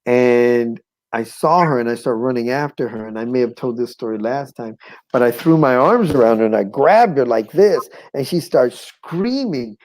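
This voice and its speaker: A man tells a personal story as a guest, in a middle-pitched voice. He is animated, acts out quotes and sounds, and chuckles now and then. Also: normal speed, low-quality recording.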